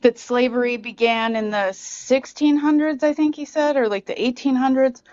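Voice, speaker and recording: A woman's voice: sits high, normal speed, a little mellow, no echo. Caller, woman, earnest and apologetic, muffled dry call audio. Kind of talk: casual call-in chat.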